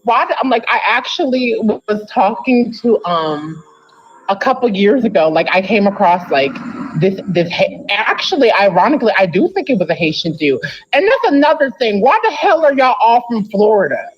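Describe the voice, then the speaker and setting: A woman's voice: mid-range voice, big pitch swings, moderate pace. A woman from the United States co-hosting a casual live stream, rambling chattily and leaning on "I'm like". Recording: dull lo-fi audio with faint hiss.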